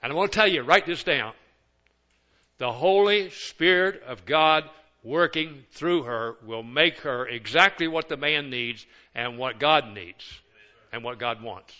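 A man's voice: mid-range voice, a little slow, bright, forceful tone, highs cut off. An older man, a pastor of many years, preaching a sermon with folksy, joking asides.

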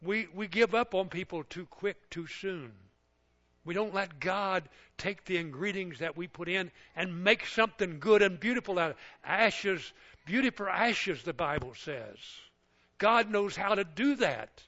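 Bright-voiced preacher. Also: male voice, sits high, a little slow, muffled recording. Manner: animated preacher acting out little scenes with voices. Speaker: pastor. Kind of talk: sermon.

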